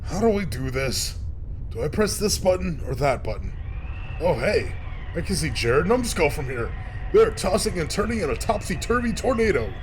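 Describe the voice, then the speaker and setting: Brief: man playing a high, lively, nervous cartoon fight announcer. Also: moderate pace, slight background noise. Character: excitable male fight commentator. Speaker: commentator.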